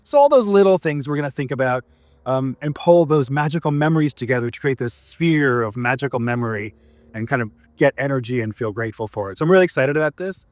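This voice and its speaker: A man's voice: medium pitch, animated, fast talker, no room sound. A man hosting outdoors in a park, chatting in a rambling, laughing, hippie-ish way as he leads a gratitude ritual. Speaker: host. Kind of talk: casual talk leading a gratitude ritual.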